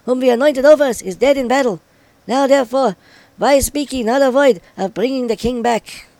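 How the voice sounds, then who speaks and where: High-voiced man reading scripture solemnly. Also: vocal fry, darkish tone, dry recording, rough recording. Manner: solemn, measured recitation. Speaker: scripture reader.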